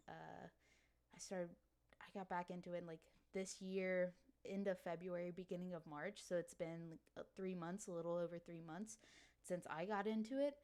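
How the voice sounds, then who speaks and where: A woman from Louisiana with a slight Cajun accent, co-hosting a podcast in casual chat, talking with lots of "like" and quick laughs. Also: lowish voice. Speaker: podcast co-host.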